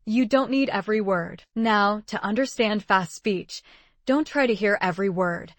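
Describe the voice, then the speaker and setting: A woman narrating an English listening lesson in a clear, measured teaching manner. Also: mid-range voice, no room sound, studio quality.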